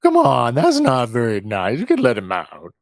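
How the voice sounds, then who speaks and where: A man's voice: mid-range voice, huge pitch swings, moderate pace. Man playing a fake-drunk pilot.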